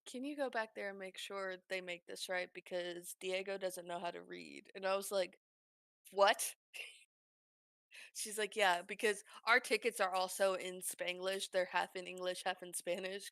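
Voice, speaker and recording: A woman streamer telling work stories in casual chat, animated and swearing freely. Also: mid-range voice, clean tone, no echo, studio quality.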